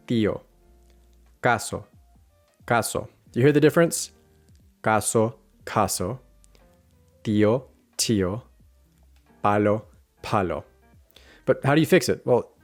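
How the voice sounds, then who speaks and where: A man teaching Spanish pronunciation in English, speaking clearly and deliberately and repeating example words slowly. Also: mid-range voice, a little mellow. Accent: American English. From United States. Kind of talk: scripted online lesson.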